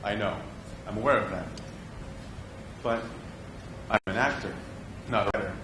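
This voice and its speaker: Man as frustrated young actor, animated delivery, roomy echo. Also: fairly low pitch, natural voice. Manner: confiding, swings from earnest to exasperated. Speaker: stage actor performing a monologue. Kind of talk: theatrical monologue. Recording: echoey room with background noise.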